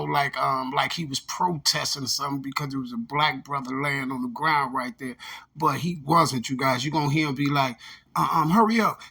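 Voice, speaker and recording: A man talks his viewers through footage in a loose, conversational way, full of fillers and asides. His voice is a touch high, with a gravelly edge and a bright, forceful tone. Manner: conversational, addresses viewers as y'all, many fillers. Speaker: commentator on a true-crime video. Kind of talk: casual commentary over video clips.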